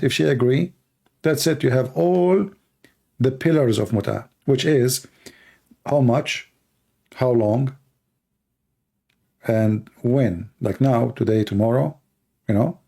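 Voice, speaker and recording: A man hosting a debate livestream in non-native English, hoarse and coughing as he argues through rhetorical questions. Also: mid-range voice, slow pace, pauses often, warm tone. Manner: argumentative, fires rhetorical questions. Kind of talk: live stream Q&A monologue.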